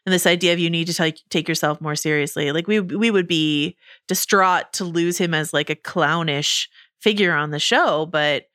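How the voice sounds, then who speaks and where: A woman co-hosting a podcast, chatting casually with quick asides and laughs. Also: deep voice, fairly bright tone, dry recording, studio quality. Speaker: podcast co-host. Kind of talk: casual chat about a TV episode.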